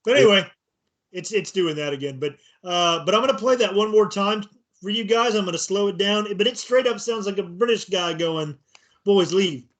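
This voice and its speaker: A man co-hosting a podcast, chatting casually, excited and rambling, often repeating words. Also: high-pitched, fairly quick. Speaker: podcast co-host. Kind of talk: casual chat.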